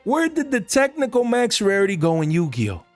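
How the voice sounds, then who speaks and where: A man giving casual, animated commentary on the card market to his viewers, full of slang and asides to "guys". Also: sits high, moderate pace, soft background music.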